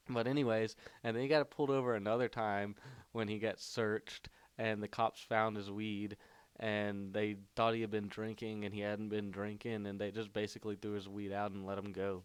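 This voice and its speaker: A man's voice: on the low side, flat delivery, normal speed, clean tone, no room sound. A young man telling a long story to the camera, rambling with lots of "like" and "you know". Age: young adult. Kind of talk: casual storytelling.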